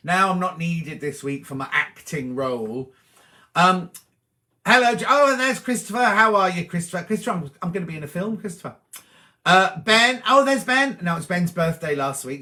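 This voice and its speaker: A cheery middle-aged man chats casually on a live stream, reading out viewers' messages and answering each one. His voice sits a little high for a man and sounds bright and forward. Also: normal speed. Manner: chatty, cheery, reads comments aloud and chats back to them.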